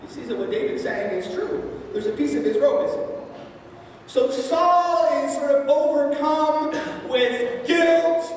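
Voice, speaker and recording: Woman pastor, high voice, chatty storytelling sermon; distant mic, very echoey hall. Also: measured pace, a little hiss or hum. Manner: conversational storytelling with playful asides. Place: large church hall.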